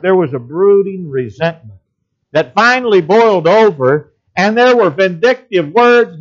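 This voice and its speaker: A man's voice: on the high side, lo-fi sound. A man preaching a sermon and reading scripture aloud in an old-fashioned cadence.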